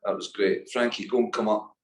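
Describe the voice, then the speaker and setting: A man hosting a live recovery workshop, prompting and thanking a speaker in a gentle, slightly hesitant way. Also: lowish voice, steady tone, fairly quick, background noise. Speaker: workshop host. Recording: echoey room, voice from far off.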